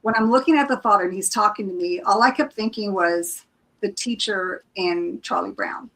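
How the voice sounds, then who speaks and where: A mid-range, slightly bright female voice comes through poor audio at a moderate pace. Guesting on a live stream as a psychic reader, she recounts a personal experience with feeling and informality. Her telling is full of restarts and performed quotes.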